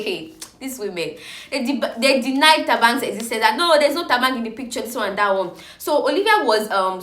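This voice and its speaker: A woman chattily recapping reality TV gossip, animated and exclaiming. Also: medium pitch, echoey room.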